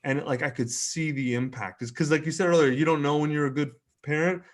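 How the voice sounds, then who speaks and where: A man's voice: on the high side, steady tone, a little fast. A man in his thirties, frank and earnest, swearing casually and restarting sentences while telling a personal story as a podcast guest. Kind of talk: candid conversational storytelling.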